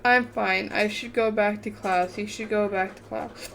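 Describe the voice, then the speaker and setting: A woman's voice: mid-range voice, fairly even intonation, measured pace, vocal fry, fairly bright tone, slight background noise. A woman reading the lines of a kind teenage schoolgirl friend in a story game, in a plain, reassuring tone.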